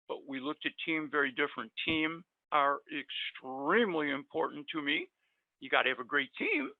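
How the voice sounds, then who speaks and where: Gravelly middle-aged man, rambling anecdotes, fillers, tinny dry phone-line sound. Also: on the high side, dry recording. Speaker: guest dentist. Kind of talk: casual storytelling.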